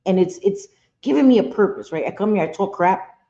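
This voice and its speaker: A woman's voice: mid-range voice, animated, a little fast, warm tone. A woman on a live stream talking bluntly and heatedly to her chat, often swearing as she comments. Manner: talks straight to viewers and chat. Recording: dull lo-fi stream audio.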